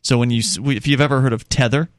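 A man's voice: medium pitch, steady tone, fast, dry recording. Dry-voiced man explaining crypto news. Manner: explains step by step, reads news aloud, restarts words. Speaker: podcast co-host. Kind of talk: casual explanatory chat.

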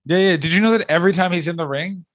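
A man with a fairly high voice riffs crude jokes on a comedy podcast. He jumps from bit to bit and drops into silly put-on voices. The sound is dry and close to the mic. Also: racing, dry recording. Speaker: podcast co-host.

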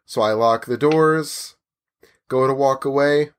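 Animated man telling a story. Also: medium pitch, slow. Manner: animated, acts out the people in his story. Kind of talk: casual storytelling chat.

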